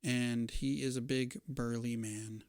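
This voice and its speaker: A man narrating a tabletop role-playing game as dungeon master, relaxed, with pauses and fillers. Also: mid-range voice, clean tone, no room sound, clean studio sound.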